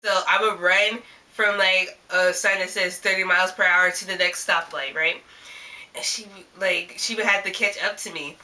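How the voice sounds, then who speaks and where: A woman vlogger recounting a story in casual, animated chat, filling her sentences with "like". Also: fairly low pitch, normal speed. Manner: rambling and animated, constant "like" fillers. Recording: voice a little distant from the mic.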